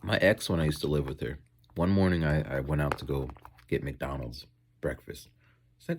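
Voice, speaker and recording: A man's voice: extremely low pitch, fairly even intonation, moderate pace, a little hiss or hum. A man who teaches in Japan, chatting casually in a rambling vlog while eating, going off on tangents and acting out voices.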